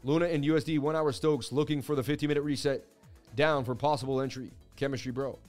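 A man's voice: mid-range voice, fairly even intonation, quick pace, a little mellow, soft background music. A man of about forty hosting a crypto livestream, chatting casually and reading out viewer messages in a hyped, talkative way.

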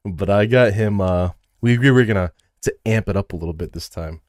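A man's voice: lowish voice, a little fast, darkish tone, no echo, studio quality. A man co-hosting a casual podcast, joking crudely and laughing often. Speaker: podcast co-host.

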